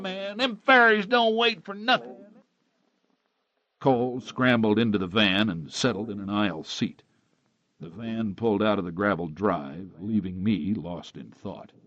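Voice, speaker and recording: Low-voiced male audiobook narrator. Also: no room sound. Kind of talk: first-person audiobook narration. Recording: dry, dull close-miked recording.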